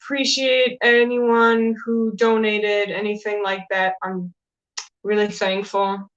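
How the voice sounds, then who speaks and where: A woman's voice: medium pitch, level tone, slow, fairly bright tone, highs cut off. A woman co-hosting a casual movie review chat, teasing and joking with her partner. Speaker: co-host.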